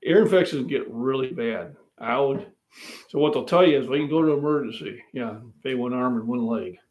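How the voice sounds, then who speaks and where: In a brisk, mid-range voice with a darkish tone, an older man chats with viewers on a casual live stream while cooking at home. He hosts a fitness channel and rambles in a folksy way, talking to his audience directly. The sound is roomy, and he is off-mic.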